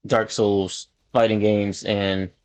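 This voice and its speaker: A man hosting his gaming channel, rambling through casual gameplay commentary full of ums and likes, getting animated when something annoys him. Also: fairly low pitch, takes it slowly.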